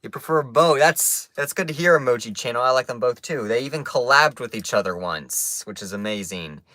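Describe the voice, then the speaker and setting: A man's voice: mid-range voice, lively intonation, brisk, sharp tone, dry recording, studio quality. A man from Kansas chatting casually with his live stream viewers, playful and teasing, with lots of fillers. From Kansas, United States. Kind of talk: casual chat answering a live chat. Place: indoor room with stuffed animals.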